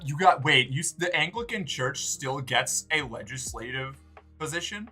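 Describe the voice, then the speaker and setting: A man's voice: fairly high pitch, lively intonation, moderate pace, sharp tone, faint music behind. An American man chatting casually with viewers on a livestream, rambling with lots of fillers and swearing freely. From United States.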